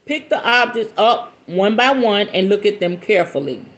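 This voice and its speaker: On lo-fi audio, a podcast host with a medium-pitched voice reads a book aloud at a moderate pace. She's animated, breaking off between passages for playful, casual commentary.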